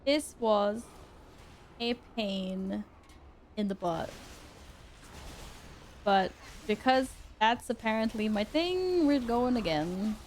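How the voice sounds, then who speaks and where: A woman's voice: fairly high pitch, animated, takes it slowly, long pauses, darkish tone, a little hiss or hum. A young woman streaming a video game live, chatting with her viewers in an exasperated, self-mocking way. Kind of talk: live gaming stream chat.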